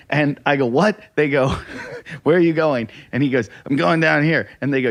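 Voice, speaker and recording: A man's voice: on the high side, fairly quick. A man co-hosting a podcast in casual chat, teasing his friend and retelling stories with quoted voices. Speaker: podcast co-host.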